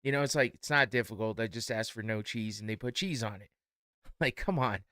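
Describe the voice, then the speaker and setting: Tired man telling a story, crisp dry voice. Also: fairly low pitch, brisk, dry recording. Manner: animated, laughing, acts out both sides of a story. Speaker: podcast host. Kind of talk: casual storytelling.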